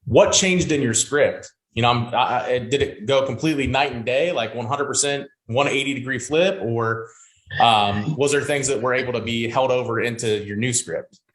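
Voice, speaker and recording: A male host asking rambling, halting questions in a casual interview. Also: medium pitch, a bit bright. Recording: echoey room.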